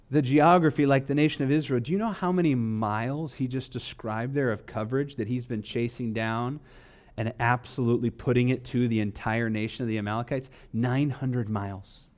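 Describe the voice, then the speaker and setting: A man preaching a sermon as pastor, swinging from loud emphatic lines to low, quiet asides and reading scripture slowly with weight on key words.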